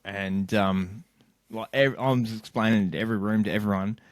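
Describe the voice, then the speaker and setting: A man's voice: on the low side, steady tone, moderate pace, no echo. A young man, a podcast co-host, telling a crude story in casual chat and acting out the lines of the people in it. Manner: crude, laughing, acts out quotes in a story.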